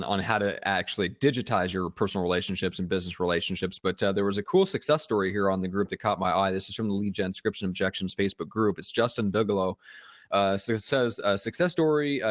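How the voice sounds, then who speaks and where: A man hosting a casual podcast, moving between topics with plenty of hesitations. His voice sits low and close to the mic. The audio is dry and a bit dull. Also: no room sound. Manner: relaxed, hesitant with many "uh" fillers. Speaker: podcast host.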